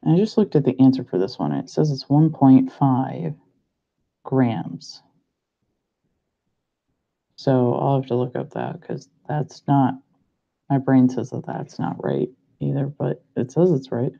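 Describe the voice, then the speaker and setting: This pharmacy student, a young man, thinks aloud over practice problems in a slow, self-doubting mutter. His mid-range voice is mellow, with vocal fry and big swings in pitch. The audio sounds muffled and lo-fi.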